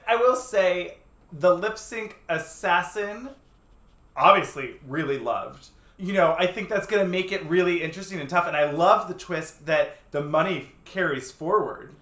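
Low-voiced upbeat woman in echoey room. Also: expressive, a little slow, a bit bright. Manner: upbeat, laughs often. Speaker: podcast co-host. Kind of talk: casual chat and sponsor reads.

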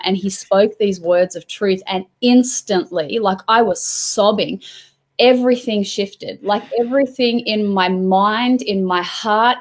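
A woman in casual conversation, earnestly telling an emotional story of a prayer experience. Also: mid-range voice. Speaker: host. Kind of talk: casual chat.

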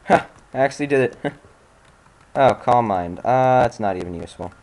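A man's voice: mid-range voice, expressive, moderate pace, a little mellow. A man hosting a let's-play, giving casual gameplay commentary while exasperated, muttering and swearing at the game.

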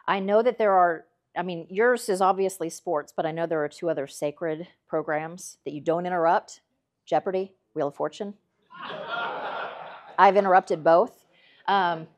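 A middle-aged woman, a meteorologist telling folksy, lively stories as a guest speaker at a club. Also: lowish voice. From Kansas. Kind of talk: after-dinner talk, storytelling.

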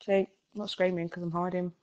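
A woman's voice: fairly low pitch, level tone, quick pace, darkish tone, dull audio. A woman playing a horror game with a friend on stream, nervous and blurting frightened outbursts. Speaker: co-player. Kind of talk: live game stream chat.

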